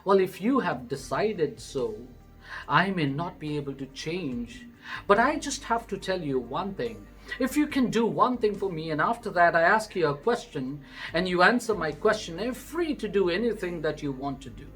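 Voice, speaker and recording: A man voicing a calm, patient pastor with an Indian accent. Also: high-pitched, unhurried, soft background music, heavily acted. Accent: Indian English.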